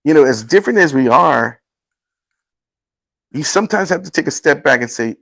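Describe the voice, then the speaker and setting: Fields: Sex: man. Role: talk show host. Style: casual testimony chat. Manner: earnest, halting, acts out quotes. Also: fairly high pitch, animated, vocal fry, fairly bright tone, no echo, rough recording. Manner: earnest, halting storytelling with restarts.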